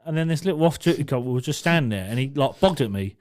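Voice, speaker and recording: A man's voice: mid-range voice, animated, fast talker. A young man co-hosting a podcast, telling a story casually with frequent laughs and swearing. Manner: swearing, laughing, acts out shouted quotes. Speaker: podcast co-host.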